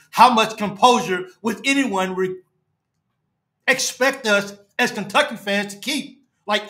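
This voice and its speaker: A man hosts a fan show live from his apartment, distraught and halting. His voice sits high and bright. He repeats himself, stumbles over words, and often sinks low and quiet at the end of a phrase. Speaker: fan podcast host. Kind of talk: emotional live-stream rant.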